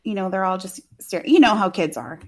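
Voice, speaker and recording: A woman's voice: medium pitch, lively intonation, fast, a little mellow. A woman co-hosting a casual talk show, recapping a movie in a chatty, sarcastic way with lots of fillers and the odd swear. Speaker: podcast co-host.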